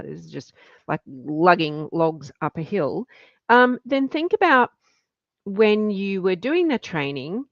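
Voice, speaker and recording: Middle-aged woman, encouraging live-stream hiking coach, lowish voice, dry dull sound. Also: no room sound. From Australia. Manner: chatty, encouraging, greets viewers by name. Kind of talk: live stream talk to viewers.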